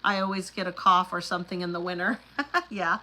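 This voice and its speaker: A woman's voice: lowish voice, little pitch movement, fairly quick, sharp tone, low-quality recording. A middle-aged woman, chatting casually on a livestream and reading out viewer comments. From Oklahoma Panhandle. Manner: chatty, laughs often, rambling asides. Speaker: livestream host.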